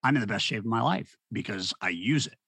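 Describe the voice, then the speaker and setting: A middle-aged man, an author and speaker, telling stories in an animated, conversational way and acting out the people he quotes. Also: lowish voice, fast, gravelly, breathy edge, no room sound. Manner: animated storyteller, acts out quoted voices. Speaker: podcast guest. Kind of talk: storytelling conversation.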